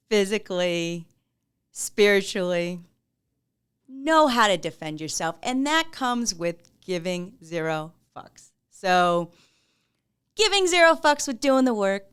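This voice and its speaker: A woman's voice: mid-range voice, a bit bright, clean tone. A woman hosting a podcast, talking casually and candidly to her listeners, laughing often and swearing freely. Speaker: podcast host.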